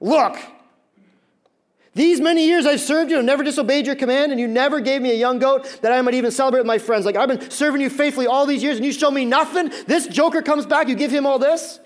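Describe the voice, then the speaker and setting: A man's voice: very high-pitched, fast, voice pushed up. A man voicing a resentful older brother, a young man complaining in a whiny, exasperated way. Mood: indignant.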